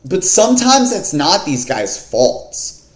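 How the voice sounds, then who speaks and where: A man's voice: high-pitched, big pitch swings, takes it slowly. Slangy man breaking down fights, echoey room. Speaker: MMA fight picks vlogger. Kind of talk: casual fight card breakdown.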